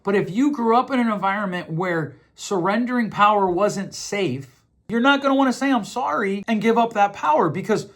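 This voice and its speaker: The voice is a middle-aged man's, sitting high with a fairly bright, expressive tone at an ordinary pace. As a podcast host, he walks through ideas informally, repeating words mid-thought and dramatizing quoted voices.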